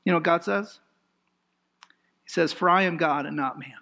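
A man preaching a sermon, emphatic and animated, with rhetorical questions and lively swings in emphasis. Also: a little high, normal speed, gravelly. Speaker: pastor.

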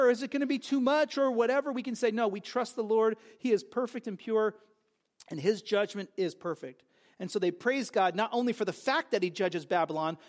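A man preaching a sermon to a congregation, with emphatic repetitions and conversational asides. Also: high voice. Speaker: pastor.

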